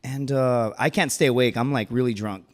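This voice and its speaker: A man's voice: mid-range voice, moderate pace. A man in his thirties telling a true story on stage, casual and joking, with slangy asides and chuckles. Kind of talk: live personal storytelling. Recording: reverberant hall.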